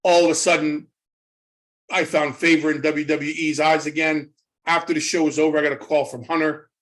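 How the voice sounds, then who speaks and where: Animated man telling an old story. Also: a little high, moderate pace. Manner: animated retelling, acts out quoted voices, repeats words. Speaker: interview guest, former wrestling trainer. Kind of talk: casual storytelling in an interview.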